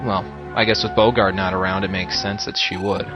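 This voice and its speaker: A man's voice: low voice, brisk, dull audio, music in the background. A man giving casual, joking commentary over a video game, talking to his viewers. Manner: joking, lively, talks to the viewers. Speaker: let's play commentator.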